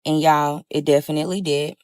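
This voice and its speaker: A woman's voice: low voice, brisk, no room sound. Young woman telling a story time, dry sound. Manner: animated, addresses listeners as y'all.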